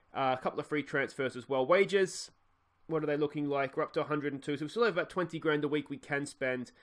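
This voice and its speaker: An Australian man giving casual let's play commentary, chatty and thinking aloud with frequent fillers and self-corrections. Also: mid-range voice. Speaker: gaming YouTuber.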